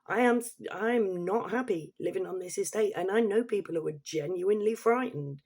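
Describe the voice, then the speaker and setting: A woman's voice: mid-range voice, normal speed, darkish tone, slightly rough. A woman from Leicester with a Leicester accent, giving a political opinion rant on her vlog. She reads prepared points, then breaks off into heated, swearing asides. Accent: Leicester English. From Leicester, England. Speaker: vlogger.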